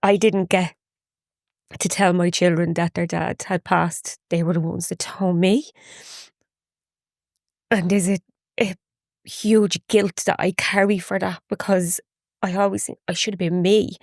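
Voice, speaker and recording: A woman tells a personal story as a podcast guest. Her voice sits a little low. She speaks haltingly and emotionally, often breaking off and restarting, in a dry, close sound. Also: level tone, no room sound.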